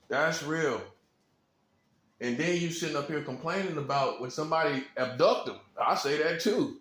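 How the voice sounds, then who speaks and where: A man's voice: on the high side, animated, moderate pace, a bit bright, echoey room. A man giving an informal preaching monologue, blunt and repetitive, with slang and chuckles. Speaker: self-styled prophet.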